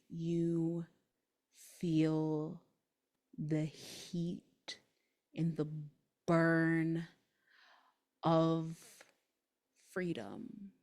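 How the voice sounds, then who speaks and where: A woman runs a tabletop game and narrates its grim ending in a slow, halting, dramatic way. Her voice sits a little low, and she takes her time with every phrase. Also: mellow. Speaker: game master.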